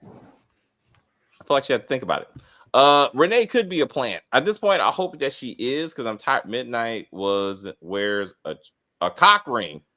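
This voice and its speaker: A middle-aged man hosting a casual TV review chat, rambling, swearing and talking in an animated way. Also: mid-range voice, measured pace. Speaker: TV review host.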